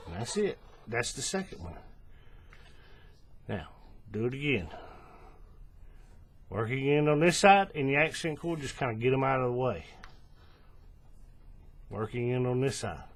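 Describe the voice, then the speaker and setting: A man hosting a hands-on crafting tutorial, explaining each step in a relaxed way, checking in with the viewer and correcting himself as he goes, recorded at a table on the camera's own mic. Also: medium pitch, a little slow, pauses often, slight background noise. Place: indoors at a table, working close to the camera.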